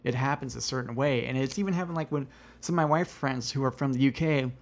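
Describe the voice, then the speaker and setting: Male podcast host, mid pitch, relaxed and chatty, lots of fillers. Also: quick pace, a little hiss or hum. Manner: relaxed, conversational, many fillers and agreeing replies. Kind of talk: casual podcast conversation.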